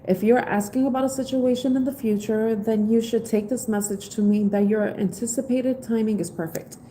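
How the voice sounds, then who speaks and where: A woman's voice: fairly high pitch, steady tone, moderate pace, dark tone, slight background noise, rough recording. A woman giving a live-streamed tarot reading in a casual, heartfelt way. She reads passages from an oracle book and then explains them in her own words. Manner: casual, heartfelt, spiritual encouragement. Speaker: tarot reader.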